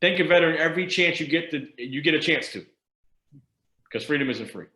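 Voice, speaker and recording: A man's voice: fairly high pitch, animated, fairly quick, bright, forceful tone, reverberant, low-quality recording. A man from the Bronx, a state senator, giving a rousing, preacher-like speech over a video call. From the Bronx, New York. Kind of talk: speech to a virtual event.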